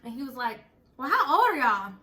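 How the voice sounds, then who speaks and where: A young woman telling a story in casual chat, animated and breaking into laughter as she retells it. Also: high-pitched, a little fast. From Texas. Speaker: storyteller host.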